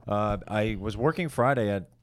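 A man's voice: lowish voice, normal speed, no room sound. A man hosting a podcast, rambling loosely in casual chat and tripping over his words. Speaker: comedian podcast host.

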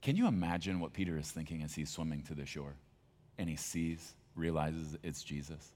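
Deep-voiced man preaching. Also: moderate pace, darkish tone. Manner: conversational, emphatic storytelling with laughs. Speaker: pastor. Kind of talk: sermon.

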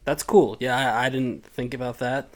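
A man's voice: mid-range voice, steady tone, normal speed. A man co-hosting a podcast in casual chat who reads notes aloud and teases his co-host.

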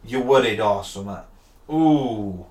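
A man's voice: fairly low pitch, lively intonation, a little slow, a little mellow. A man, ranting bluntly and swearing a lot in casual chat. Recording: echoey room.

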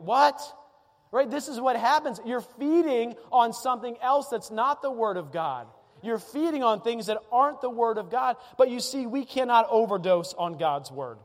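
A male pastor with a fairly high voice preaches a sermon in a chatty, emphatic style, piling up repeated phrases. The large hall gives his words a long, ringing reverb tail.

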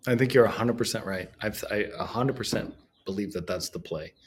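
A man's voice: lowish voice, brisk, breathy edge. A man co-hosting a podcast, chatting casually, reading a sponsor spot and mocking others in quoted voices. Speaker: podcast co-host. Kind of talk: casual chat and ad read.

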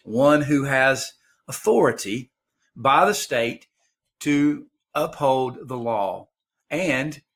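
Slow, deliberate male preacher. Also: mid-range voice, expressive, a bit bright, husky. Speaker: pastor. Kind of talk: sermon.

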